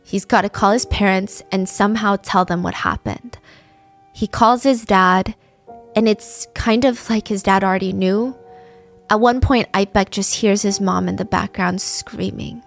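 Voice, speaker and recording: A woman's voice: mid-range voice, steady tone, measured pace, soft background music. A woman podcast host narrating a true crime story in a vivid, conversational way.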